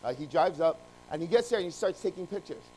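A man preaching, telling a long story with lively ups and downs of loudness and frequent restarts. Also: a little high, quick pace, a little hiss or hum, rough recording. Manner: animated, jumping between loud emphasis and quiet asides. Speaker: pastor. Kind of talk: sermon with storytelling.

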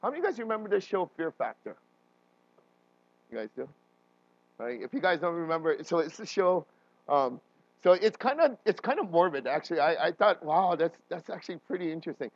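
A male pastor preaches a sermon in a high, brisk voice, animated and often checking in with his listeners. He restarts and uses fillers frequently, and the recording is dry and dull.

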